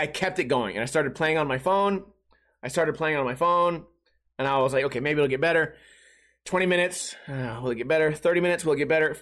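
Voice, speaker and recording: High, bright-voiced man ranting. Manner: exasperated, mocking, repetitive ranting. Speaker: podcast host. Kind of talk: solo comedic rant.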